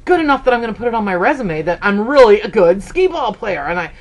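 Very animated and fast-talking, this fifty-something sewing vlogger spins stories in a casual, chatty way. She peppers in lots of "okay"s and performs quoted voices with big pitch jumps.

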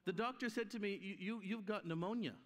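A fast-talking man whose voice sits high preaches as a guest at a conference. His sermon is animated and story-driven, with characters' voices acted out, and the church hall live stream captures it with long reverb.

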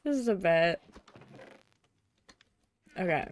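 A young adult woman streaming a video game, chatting casually and giggling, often murmuring quietly to herself. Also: fairly low pitch, unhurried, long pauses, no room sound. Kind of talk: casual gameplay chat.

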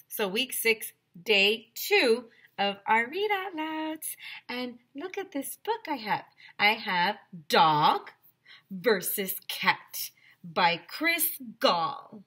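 A woman teacher reading a picture book aloud to children, expressive and gasping with excitement, with chatty asides to the class. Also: fairly high pitch.

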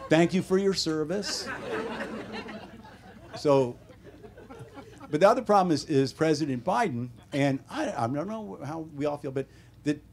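A man in his seventies with an American accent, an author telling wry, deadpan stories at a bookstore talk. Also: on the high side, a little slow, pauses often, a faint crowd. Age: 70s. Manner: wry, deadpan humor with animated quoted voices. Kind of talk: casual storytelling Q&A. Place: bookstore event room.

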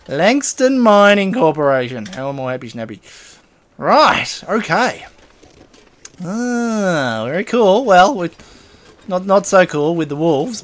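A man's voice: on the high side, a bit bright. A man giving chatty let's play commentary as he plays, chuckling often and getting flustered when things go wrong. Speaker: gaming channel host.

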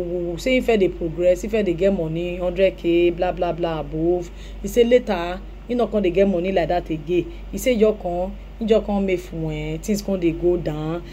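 Scolding Nigerian woman with a mellow voice. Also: lowish voice, a little hiss or hum. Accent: Nigerian Pidgin English. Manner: scolding, advising in Nigerian Pidgin. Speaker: commentator. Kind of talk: commentary reacting to a clip.

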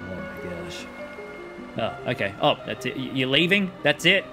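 Animated man with game music behind. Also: mid-range voice, moderate pace. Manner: excitable, rambling. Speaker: let's play host. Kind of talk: gameplay commentary.

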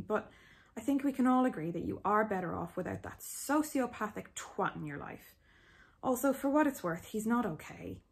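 A woman's voice: mid-range voice, vocal fry, natural voice. A woman reading aloud and voicing a blunt, caring female best friend who talks in a frank, sweary, reassuring way.

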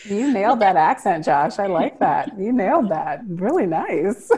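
A woman's voice: medium pitch, very animated, a little slow, dark tone, slightly rough. A woman moderating a press conference panel, upbeat and affirming as she asks questions.

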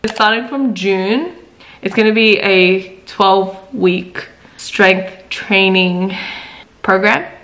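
A woman's voice: medium pitch, steady tone, takes it slowly, a bit bright. A young woman, chatting casually to camera in a vlog, giggly and full of "like" and "literally". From Australia. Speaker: vlogger.

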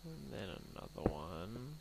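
A young man with an Australian accent talks through his gameplay in a loose, rambling way. His voice is gravelly, and his pitch swings up and down a lot. The home mic also catches plenty of background noise. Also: sing-song, a little slow. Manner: rambling, chatty, talks to the pets in the game. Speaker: gaming channel host. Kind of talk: let's play commentary. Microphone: desk mic that picks up the room. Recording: noisy home recording.

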